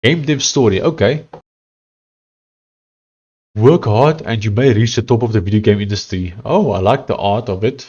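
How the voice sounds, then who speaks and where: A young man live-streaming his coding work, thinking aloud and reading out chat in a loose, halting way with many fillers. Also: fairly low pitch, a little mellow, breathy edge, highs cut off. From South Africa. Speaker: live-streaming software developer.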